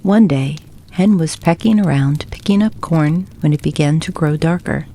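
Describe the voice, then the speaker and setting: Soft-spoken woman reading a bedtime story. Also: low-pitched, moderate pace, slight background noise. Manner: soft, gentle, hushed reading. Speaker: narrator.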